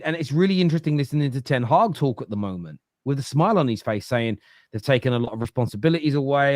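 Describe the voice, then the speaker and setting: A man's voice: fairly high pitch, no room sound, studio quality. A man debating football on a fan podcast, opinionated, reading out viewer comments and rebutting them. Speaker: football podcast panelist, fan of his club.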